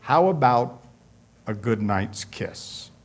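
A man's voice: medium pitch, animated, slow, slight background noise. A man doing a coaxing young suitor. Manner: coaxing, pleading. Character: eager young man courting a girl.

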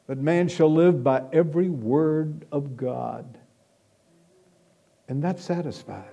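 A man preaching a sermon, emphatic, swelling loud and then dropping to a hush. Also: mid-range voice, lively intonation, takes it slowly, long pauses.

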